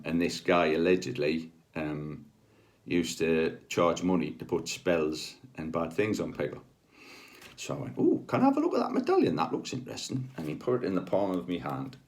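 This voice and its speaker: A middle-aged man, a healer telling personal stories in a chatty, rambling way with many ums and asides. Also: a bass voice. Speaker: spiritual healer. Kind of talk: casual anecdotal storytelling.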